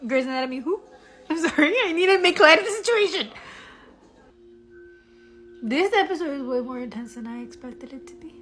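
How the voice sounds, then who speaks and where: A woman hosting a casual reaction video, chatty and emotional, swearing and laughing as she comments. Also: on the high side.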